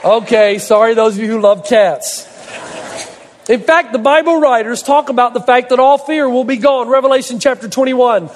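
A man's voice: extremely high pitch, moderate pace, in a large hall. A man preaching a sermon as a pastor, delivering emphatic points and long repeated lists.

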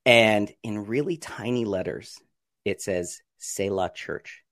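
Speaking slowly in a slightly bright voice, a podcast guest shares his story in a casual interview, laughing a lot and dramatizing his reactions with sudden pitch shifts. The recording is studio quality with no echo.

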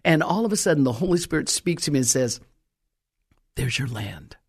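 A middle-aged woman preacher telling a story in a sermon, stressing key words slowly. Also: low-pitched, lively intonation, darkish tone.

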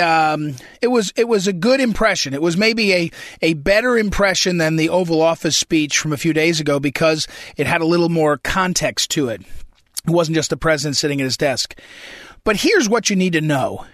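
A man's voice: a little high, lively intonation, normal speed, fairly bright tone, no room sound, clean studio sound. A man hosting a political commentary show, talking off the cuff with many fillers and restarts. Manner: conversational, many ums and restarts, clears throat.

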